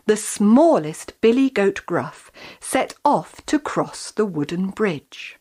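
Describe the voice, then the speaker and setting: A woman storyteller telling a fairy tale for children, her pitch rising and falling with lively expression. She speaks slowly and deliberately, letting each line land. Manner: expressive, animated.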